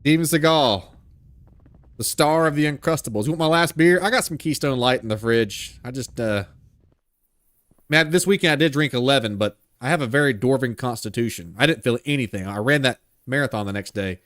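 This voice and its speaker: A man's voice: mid-range voice, brisk, fairly bright tone, dry recording. A man hosting a live horror game stream. He talks casually, rambles, jokes and laughs a lot.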